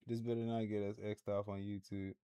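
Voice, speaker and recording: A man's voice: fairly low pitch, level tone, brisk, mellow, smooth, no room sound. A man hosting a react livestream in a laid-back, slangy way, laughing often as he chats with viewers. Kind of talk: casual livestream commentary.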